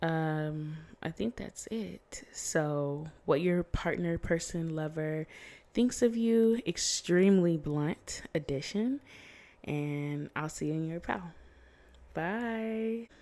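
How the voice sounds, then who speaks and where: A woman's voice: sits low, takes it slowly, mellow. A woman giving a casual tarot reading, chatty and blunt, swearing freely and laughing often. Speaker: tarot reader. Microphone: phone.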